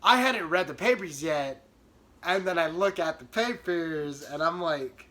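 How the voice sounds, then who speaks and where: A young man telling a comic storytime about himself in an animated, self-mocking way. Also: on the high side, a little slow. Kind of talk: comedic storytime.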